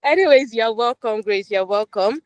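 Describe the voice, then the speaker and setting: A woman's voice: a little high, lively intonation, moderate pace, no echo. Upbeat woman hosting a live class. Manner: upbeat, repeats phrases, many fillers. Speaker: online class tutor. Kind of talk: live-stream class chat, reading viewer comments.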